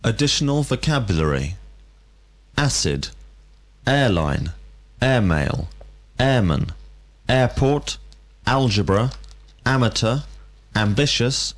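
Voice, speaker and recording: Male reader for a word list, slow and deliberate, clearly spoken. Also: mid-range voice, sing-song. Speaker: vocabulary reader.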